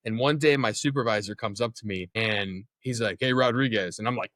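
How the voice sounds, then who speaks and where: Young man, interview guest, lowish, candid and casual, cusses freely, dry booth sound. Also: brisk, a bit bright, dry recording. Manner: candid, swears freely, acts out quotes. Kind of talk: casual storytelling.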